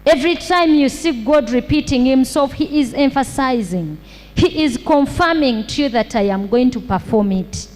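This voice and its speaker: A woman pastor delivering a sermon, preaching slowly and repeating points for emphasis, with rhetorical questions to the congregation. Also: high voice, a little mellow. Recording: long hall reverb.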